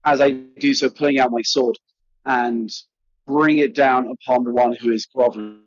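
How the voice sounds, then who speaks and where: A man's voice: medium pitch, steady tone, moderate pace, no echo. A man playing a tabletop game, talking casually and a bit hesitantly. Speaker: player. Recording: dry lo-fi sound.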